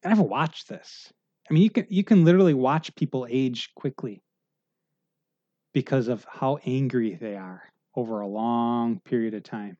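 A man's voice: medium pitch, normal speed, warm tone, dull audio. A middle-aged male pastor preaching a sermon in a conversational, earnest way, often checking in with the congregation.

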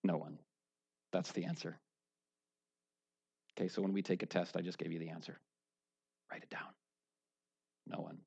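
A man preaching a sermon, going from low, quiet talk up to loud, shouted high points. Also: little pitch movement, normal speed, vocal fry, long pauses, breathy edge, dull audio. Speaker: pastor.

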